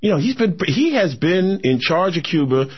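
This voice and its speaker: A man's voice: sits high, sing-song, normal speed, breathy edge. A man co-hosting a political talk radio show, speaking in a casual, opinionated way with frequent fillers and restarts. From United States. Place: radio studio. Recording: lo-fi broadcast radio recording.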